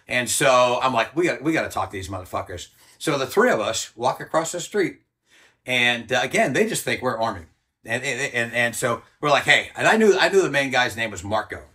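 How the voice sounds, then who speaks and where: A man's voice: medium pitch, sharp tone. An older American man, a former soldier, telling a story in a blunt, profane, casual way and acting out the voices he quotes. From United States. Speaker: interview guest, former Army Ranger.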